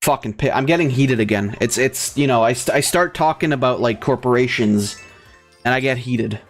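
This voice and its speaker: A man's voice: medium pitch, normal speed. Crude ranting man over game music. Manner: crude, ranting, sarcastic, profane. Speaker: let's play host. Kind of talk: gameplay commentary rant.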